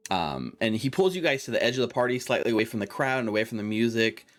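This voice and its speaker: A man's voice: on the low side, expressive, fast. A man narrating a tabletop game as game master, in a casual way full of "like" and fillers.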